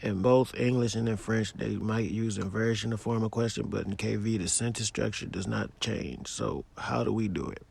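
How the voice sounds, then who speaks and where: A man giving a casual language lesson, explaining in a relaxed, plainspoken way. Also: on the low side, moderate pace, creaky, few pauses, breathy edge. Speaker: language teacher.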